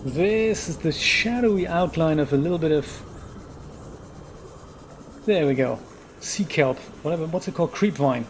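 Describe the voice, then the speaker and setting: A man hosting a live game stream, thinking out loud about what to craft and chatting back to his viewers as he plays. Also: fairly high pitch, normal speed, long pauses, a little hiss or hum. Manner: chatty, thinks aloud and answers viewer chat. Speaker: let's play host. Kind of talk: casual live gameplay commentary. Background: game music.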